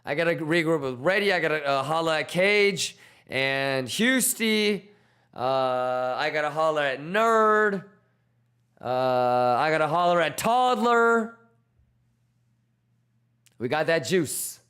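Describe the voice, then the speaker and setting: A man with a high, bright voice running a trading livestream. He talks in an unhurried way, firing off slangy shout-outs to his viewers with loose, hyped energy. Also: lively intonation. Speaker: crypto trading streamer. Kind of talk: casual livestream chat.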